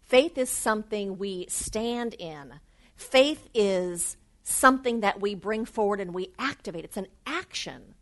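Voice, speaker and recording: A woman giving an earnest, animated spiritual talk to a live audience. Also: mid-range voice, unhurried. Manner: earnest, animated, varied emphasis. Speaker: spiritual speaker.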